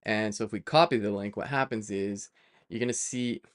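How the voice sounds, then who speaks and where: A developer streaming his work talks at normal speed in a voice on the low side. He keeps up casual, rambling commentary full of fillers and self-corrections, wandering into playful side tangents.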